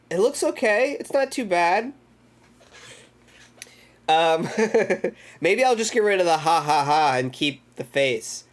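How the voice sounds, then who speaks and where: Man, slightly high voice, casual streamer, rambly and sweary, recaps a movie live. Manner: rambling, profane, loose retelling with acted-out quotes. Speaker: streamer hosting a movie club.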